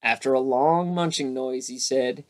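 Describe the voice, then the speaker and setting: A man narrating a bedtime storybook, his voice at a middle pitch. He reads in a lively way and shifts into voices for the characters. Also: unhurried, slight background noise. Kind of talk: bedtime story read-aloud.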